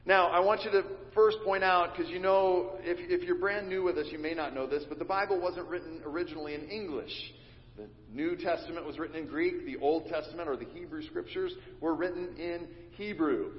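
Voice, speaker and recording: High-voiced pastor preaching in an echoing hall. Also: male voice, moderate pace. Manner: teaching, leads the congregation in call and response. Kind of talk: sermon. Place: church sanctuary. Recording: dull recording in a reverberant church hall.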